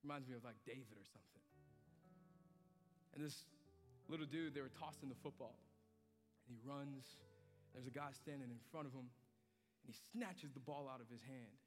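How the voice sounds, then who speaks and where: A male pastor preaching a sermon, swinging from hushed, low passages to loud, emphatic climaxes. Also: moderate pace, long pauses. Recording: hall reverb with soft music beneath.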